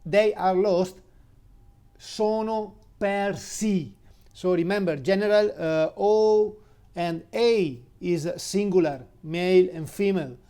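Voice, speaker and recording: Slow, mellow Italian-accented man teaching. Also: high-pitched. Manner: halting, many fillers, spells words letter by letter. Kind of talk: informal language lesson.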